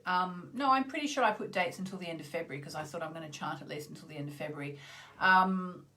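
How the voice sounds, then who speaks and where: A middle-aged Australian woman hosting a live chanting session, talking casually and meandering, with loud exclamations that trail off into soft endings. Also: lowish voice. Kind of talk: casual live-stream chat. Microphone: video call.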